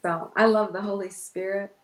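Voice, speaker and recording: A woman's voice: medium pitch, steady tone, moderate pace, reverberant, rough recording. A woman pastor telling an emotional personal story in an interview, acting out her own past words. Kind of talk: testimony in an interview.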